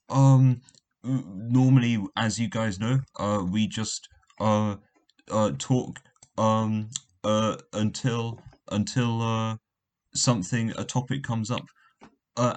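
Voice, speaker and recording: A man's voice: mid-range voice, darkish tone. A man with a posh English accent hosting an improv chat, hesitant and full of fillers and restarts. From England. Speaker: host of an improv show. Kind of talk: casual chat.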